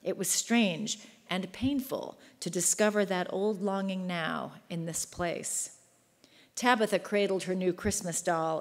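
A woman author reads from her own novel in a measured, even way, her fairly low voice carrying through a large hall. The long reverb trails behind each phrase. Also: gravelly. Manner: measured, literary reading. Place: large book fair venue.

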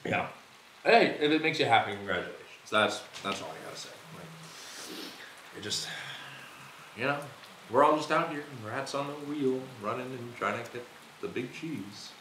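An animated, slangy young guy, his pitch leaping around as he tells the story. The room rings with echo. Rain patters faintly outside. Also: moderate pace, pauses often. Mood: awkward. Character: restless, excitable young man who misses office life. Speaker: friend telling a work story. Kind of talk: naturalistic film acting. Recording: echoey room with rain noise.

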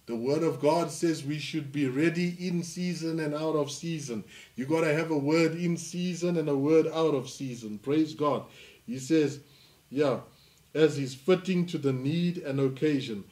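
A male pastor from South Africa preaching a sermon, reading scripture slowly and then rising to emphatic delivery. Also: a little high, a little mellow.

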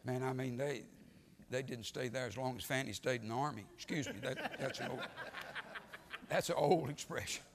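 A man preaching a sermon in a church, swinging from quiet storytelling to sudden loud, emphatic rises. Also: mid-range voice, moderate pace. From United States. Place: church sanctuary. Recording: long church reverb.

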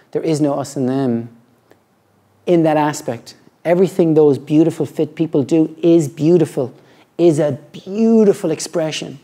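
A middle-aged man, a yoga teacher, talking reflectively and earnestly about his practice, halting often and restarting his sentences. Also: on the high side, mellow. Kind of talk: reflective personal talk.

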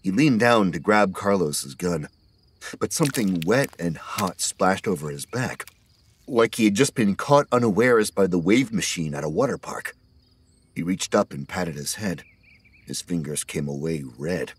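A man narrating an audiobook horror story in a steady scripted reading. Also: low-pitched, a little slow, slightly rough.

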